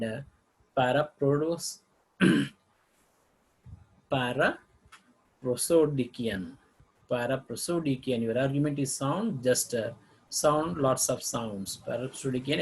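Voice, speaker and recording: A man's voice: mid-range voice, slightly rough, poor audio. A man teaching a lesson on figures of speech, reading examples aloud with frequent halts and restarts.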